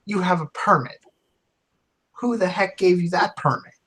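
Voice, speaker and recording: A man's voice: sits high, normal speed, fairly bright tone, slightly rough, voice pushed up, poor audio. Man doing a flustered cranky shop owner. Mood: indignant. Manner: flustered, indignant.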